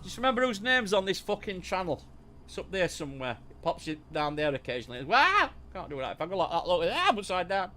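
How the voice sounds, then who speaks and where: A man's voice: on the high side, quick pace, a bit bright. A man hosting a gaming livestream, chatting casually with a lot of swearing and mock-threatening banter. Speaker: livestream host. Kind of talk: casual gaming stream chat.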